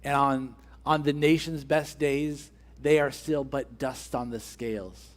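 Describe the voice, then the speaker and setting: A man's voice: mid-range voice, fairly even intonation, a little slow. A man preaching a sermon as pastor, driving his point home with repeated rhetorical questions and building emphasis.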